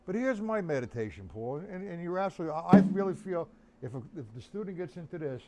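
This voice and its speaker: A man's voice: a little high, big pitch swings, quick pace, noisy background. A man teaching drums on a live stream, chatting loosely and answering viewers by name. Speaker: drum teacher. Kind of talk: live-streamed drum lesson.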